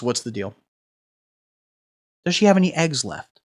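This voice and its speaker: A man hosting a satirical livestream, riffing crudely in a rambling, deadpan way while he reads the chat. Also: mid-range voice, a little slow, long pauses. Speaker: livestream host. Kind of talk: satirical livestream comedy rant.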